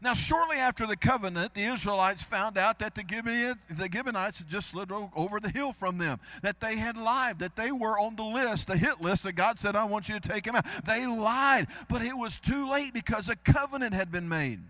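A man preaching a sermon, building to loud emphatic repetition. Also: sits high, moderate pace, hardly any pauses, no room sound. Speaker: pastor.

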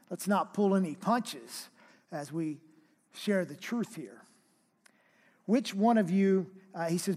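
A man preaching a sermon, reading scripture aloud with emphatic, drawn-out phrasing. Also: high voice, a little mellow, in a large hall. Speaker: pastor.

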